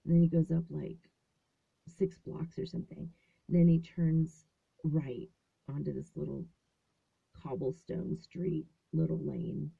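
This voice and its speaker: Speaking from a small closet in her home, this host, a woman in her fifties, spins a story in a relaxed, talkative manner and performs the quoted voices. Her low voice is gravelly with a breathy edge, and she keeps a steady tone at a measured pace. The audio sounds thin, like a phone call.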